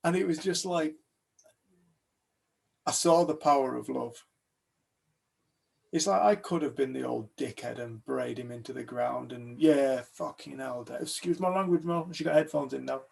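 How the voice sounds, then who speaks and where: Animated British male storyteller, gravelly voice, acts out the dialogue. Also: medium pitch, normal speed, long pauses. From United Kingdom. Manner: animated storyteller, acts out other people's lines. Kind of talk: telling a personal story to a group.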